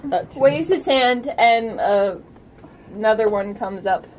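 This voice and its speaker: A woman's voice: fairly high pitch, slow pace, a little mellow, slight background noise, rough recording. A woman acting as game master in a tabletop game, speaking hesitantly with many fillers.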